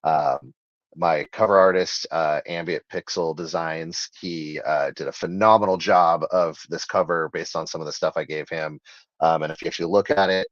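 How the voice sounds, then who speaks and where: A man's voice: a bass voice, fairly even intonation, moderate pace, no room sound. A man being interviewed as an author, talking casually in long rambling sentences full of fillers and restarts. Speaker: author guest. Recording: slightly dull, lo-fi sound.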